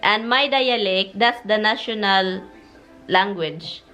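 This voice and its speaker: Woman, filipino accent, thirties, casual vlogger, chatty, patient explainer, mid-pitched voice. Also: takes it slowly, pushed and bright, faint music behind. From Philippines. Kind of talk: casual chat mixing English and Tagalog.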